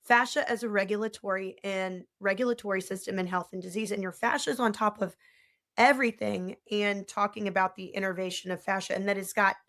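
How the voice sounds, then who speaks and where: A woman's voice: mid-range voice, fairly even intonation, brisk, a bit bright. A woman dentist speaking as a podcast guest, rambling through technical points and trailing off mid-thought. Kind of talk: conversational interview.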